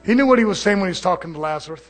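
A man preaching an evening sermon in a church, fervent, swinging between shouted lines and hushed asides. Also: high voice, animated, very fast, soft background music.

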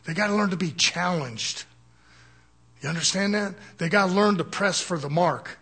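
An older male preacher with a notably high-pitched voice delivers a sermon. His talk is folksy and loose, broken by chuckles and frequent calls for an "Amen." He speaks as a plain-spoken pastor addressing his congregation. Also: normal speed, pushed and bright, slightly rough.

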